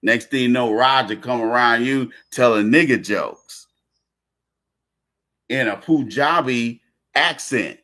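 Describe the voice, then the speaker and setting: A man talking at an unhurried, deliberate pace in a mid-range voice, delivering a casual rant. He repeats phrases, stumbles into restarts and keeps the slang blunt. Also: medium pitch, bright, forceful tone.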